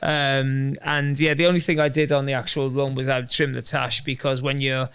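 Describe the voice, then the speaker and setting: A man's voice: mid-range voice, flat delivery, normal speed, a bit bright, clear, resonant tone. A man, a guest telling his story in a chatty, rambling way with self-deprecating humor. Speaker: guest, endurance runner. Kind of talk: casual interview chat.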